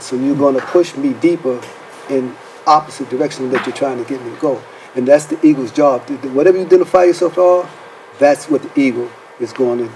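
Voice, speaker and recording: A man's voice: medium pitch, darkish tone, a little hiss or hum, rough recording. A man hosting a faith-based counseling talk show, asking rhetorical questions and checking in with "right?" as he speaks. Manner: preacherly, rhetorical questions, says "right?" often.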